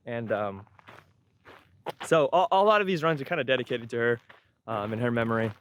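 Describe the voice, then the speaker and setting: A man's voice: medium pitch, fairly quick. A young man vlogging casually outdoors on a windy day, rambling with lots of ums and uhs and correcting himself. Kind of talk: casual vlog talk to camera. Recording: faint wind noise outdoors.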